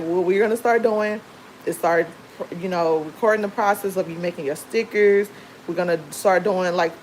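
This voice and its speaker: A woman's voice: medium pitch, a little hiss or hum, low-quality recording. A woman chatting casually on a livestream from home, telling rambling stories full of fillers. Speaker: livestream host.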